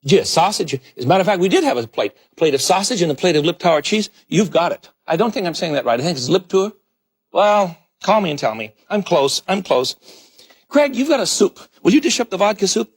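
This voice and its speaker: Fast-talking and very animated, a middle-aged TV cooking host works in a galley-style kitchen, effusively exclaiming over each dish as he shows it. His voice sits high and sounds slightly rough.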